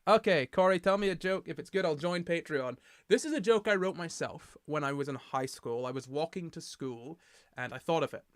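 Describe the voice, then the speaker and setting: A young man from the UK hosts a casual livestream, chatting in a tired, rambling, self-mocking way. His voice sits a bit high, and the sound is dry and close. He reads the chat aloud as he talks. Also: fairly quick, dry recording. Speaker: livestream host.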